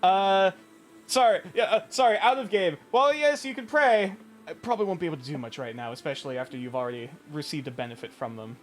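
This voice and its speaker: A man running a tabletop game as game master, animated and sometimes hesitant as he checks rulings. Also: high voice, fast, soft background music.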